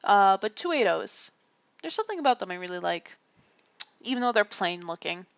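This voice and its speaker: A woman's voice: mid-range voice, sing-song, fairly quick, creaky, no echo. A woman from Canada chatting casually on a livestream, rambling and self-deprecating and often laughing. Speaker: streamer. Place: home room. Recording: muffled lo-fi mic.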